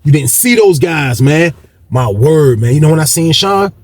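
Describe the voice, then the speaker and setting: A man's voice: fairly high pitch, lively intonation, normal speed, no room sound. A man telling a story in a slangy, casual way, acting out other people's lines. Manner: slangy, acts out dialogue with shifting voices.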